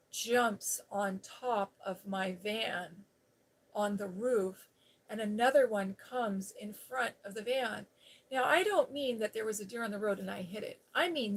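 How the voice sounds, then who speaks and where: A middle-aged woman hosting a live stream, telling a personal story in a chatty, animated way. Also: mid-range voice.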